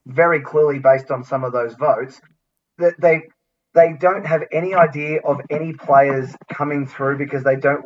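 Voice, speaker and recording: A man co-hosting a podcast, making a measured argument in casual chat. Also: mid-range voice, far from the mic, muffled recording, a little hiss or hum. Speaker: podcast co-host.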